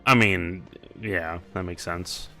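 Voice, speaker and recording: A man hangs out in voice chat during a friend's game stream. He speaks slowly in a lowish voice. His talk is easygoing and loose, with casual cursing. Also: fairly even intonation, gravelly, sharp tone, soft background music. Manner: laid-back, profane.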